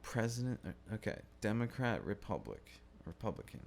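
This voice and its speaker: A man with a low, gravelly voice talks unhurriedly into a podcast mic, his pitch rising and falling a lot. He meanders from thought to thought, cuts himself off, and swears casually as he goes. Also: big pitch swings, moderate pace, darkish tone, slight background noise. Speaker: podcast host. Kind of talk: rambling solo podcast musing. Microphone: studio-style podcast mic.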